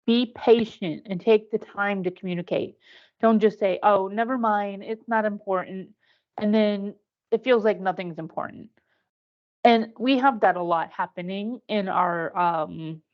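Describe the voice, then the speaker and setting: Woman giving earnest advice over muffled call audio. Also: mid-range voice. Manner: earnest, direct advice with acted-out examples. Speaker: workshop presenter. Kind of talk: instructive online presentation. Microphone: video call. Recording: dull lo-fi video-call audio.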